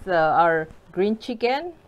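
A woman's voice: lowish voice, sing-song, slow pace, highs cut off. A woman vlogger chatting cheerfully with her viewers while eating in her home kitchen, often giggling and calling them guys. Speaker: mukbang vlogger. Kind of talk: casual mukbang chat while eating.

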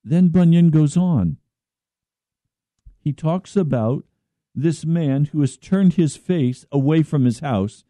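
A man preaching a slow, earnest radio sermon as pastor, at times pleading in prayer. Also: a little high, expressive, warm tone, no echo.

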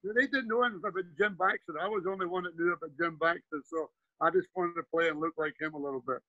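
A man's voice: sits high, fairly even intonation, fast talker, no echo, phone-quality sound. A Scottish man in his seventies, a former player and coach, telling rambling anecdotes in a casual interview. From Scotland. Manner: rambling anecdotes with frequent restarts and "you know".

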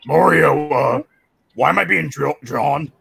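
A man's voice: fairly high pitch, measured pace, gravelly, a bit bright, husky. A man on a gaming stream, talking in a mumbling, trailing way. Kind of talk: casual gaming chat.

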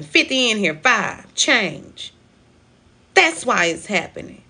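Woman, live card reader, bright voice, emphatic, repetitive, preachy. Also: a little high, expressive, slow pace, breathy edge. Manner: emphatic, repetitive, preachy with African American Vernacular phrasing. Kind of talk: live stream tarot-style reading.

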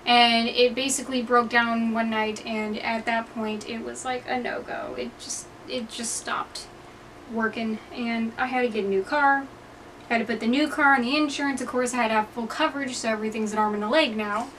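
A woman's voice: fairly high pitch, steady tone, normal speed, fairly bright tone, distant mic, slight background noise, poor audio. A young woman telling stories to her camera in a rambling, self-mocking way, full of swearing and fillers. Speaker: vlogger. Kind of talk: casual storytelling to camera. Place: indoor room, hot.

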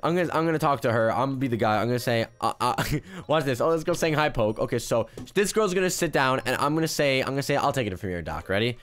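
A man's voice: medium pitch, animated, fast talker, fairly bright tone. A young man joking and rambling through casual gameplay commentary, with frequent restarts. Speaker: gaming YouTuber.

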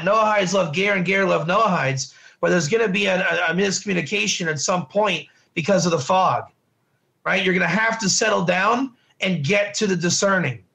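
High, gravelly man teaching casually. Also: pushed and bright. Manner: conversational, repetitive, asks "right?" often. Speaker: Torah teacher. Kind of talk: informal classroom lesson.

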